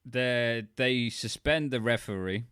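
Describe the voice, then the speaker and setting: A man's voice: mid-range voice, takes it slowly, fairly bright tone, clean tone, no echo, clean studio sound. A man co-hosting a casual podcast chat, blunt and swearing freely. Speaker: podcast co-host.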